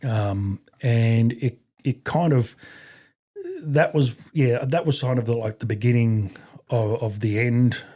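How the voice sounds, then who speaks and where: A man's voice: mid-range voice, takes it slowly, mellow. A middle-aged man with an Australian accent, telling a story as a podcast guest in a blunt, profane, rambling way. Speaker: podcast guest, army veteran. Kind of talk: casual anecdotal storytelling.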